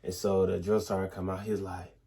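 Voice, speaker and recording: Young soldier husband, low-pitched, animated slangy storyteller. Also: male voice, a little fast. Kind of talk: casual couple Q&A chat.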